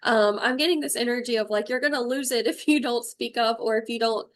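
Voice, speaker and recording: A young adult woman with a voice pitched a little above most women's, giving a spiritual tarot reading to her livestream viewers. She speaks frankly and with strong feeling, and drops swear words casually. She is picked up by a simple streaming microphone. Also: brisk. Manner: emotional, blunt, swears freely. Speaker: intuitive tarot reader.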